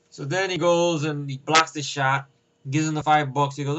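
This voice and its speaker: A man giving a casual, rambling film review, profane and excitable, acting out scenes with voices. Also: a little high, fast, rough recording. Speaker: movie reviewer.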